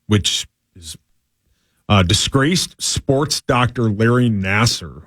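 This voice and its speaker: A man's voice: medium pitch, dry recording, studio quality. A man, co-hosting sports radio and reading sports news in a blunt, easygoing way.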